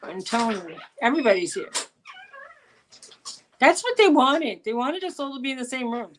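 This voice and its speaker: Lively high-voiced woman chatting. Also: normal speed, slight background noise. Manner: animated, slips into high baby talk to coax her pet. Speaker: co-host of a live chat show. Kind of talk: casual chat.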